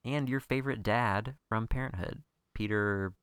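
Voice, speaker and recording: Deep-voiced joking man, dry sound. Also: normal speed, fairly bright tone, clear, resonant tone, dry recording. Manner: playful and joking. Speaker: podcast co-host. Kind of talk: casual chat.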